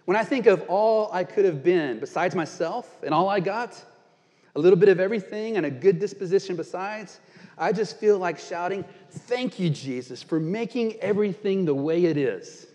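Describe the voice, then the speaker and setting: A woman's voice: on the low side, expressive, moderate pace, mellow, long reverb tail, lightly acted. A male preacher voicing a smug, pious older Southern farm woman who gushes with self-satisfied gratitude. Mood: smug gushing.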